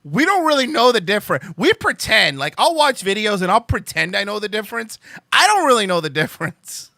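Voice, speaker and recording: A man's voice: sits high, very animated, brisk, vocal fry, pushed and bright, no room sound, clean studio sound. A young man hosting a live stream, rambling and joking with his viewers, swearing freely and laughing often. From Cuban heritage. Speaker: livestream host.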